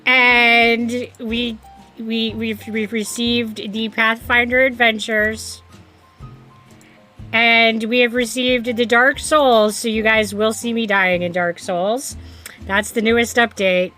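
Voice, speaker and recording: A woman's voice: on the high side, flat delivery, takes it slowly, sharp tone, faint music behind. A woman game streamer in casual live-stream chat, giggling often and stammering when flustered.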